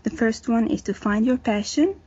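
A woman's voice: fairly high pitch, moderate pace, darkish tone, slightly rough. A woman artist from Syria, a podcast guest, giving earnest, heartfelt advice. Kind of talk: podcast interview. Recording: dull lo-fi sound.

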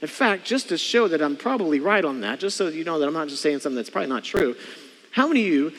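A man's voice: on the high side, expressive, fast, a bit bright, in a large hall. A man preaching a sermon as pastor, emphatic and leading the congregation in call-and-response. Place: church sanctuary.

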